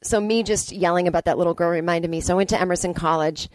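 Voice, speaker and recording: A woman in her forties hosting a podcast, telling comic stories in a profane, ranting, animated way. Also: lowish voice, fast talker, dry recording. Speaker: podcast host. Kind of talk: comedic storytelling monologue. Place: Brooklyn.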